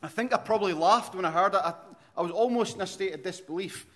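A man in his forties with an Aberdonian Scottish accent preaches to his congregation. His voice sits a little high for a man. He talks earnestly, often restarting phrases, and gets louder as he tells a story. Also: fast talker. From Aberdeen, Scotland. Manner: earnest preacher, frequent restarts, rises in volume when telling stories. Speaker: pastor. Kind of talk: sermon.

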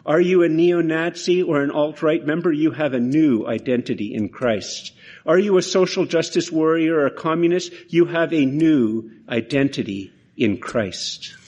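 A man's voice: a little high, a little mellow, husky. A man preaching a sermon in an earnest, conversational way, often restarting his phrases. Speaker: pastor.

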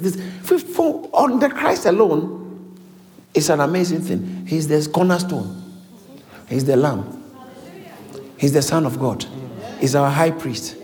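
A man preaching a sermon in a large hall, with lively repetitions and call-and-response to the congregation. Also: high-pitched. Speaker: pastor. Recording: echoey hall.

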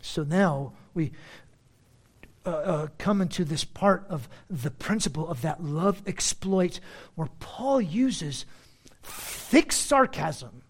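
A man preaching from the pulpit, his pitch leaping up and down as he drives points home. He moves between loud, emphatic lines and sudden soft asides, in the manner of a pastor teaching verse by verse. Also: animated, takes it slowly. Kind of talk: expository sermon.

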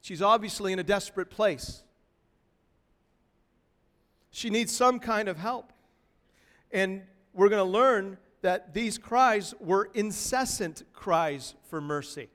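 High-voiced male preacher in a reverberant hall. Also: takes it slowly, pauses often. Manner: expressive preaching, voices a pleading woman in rising tones. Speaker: pastor. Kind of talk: sermon. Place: church hall.

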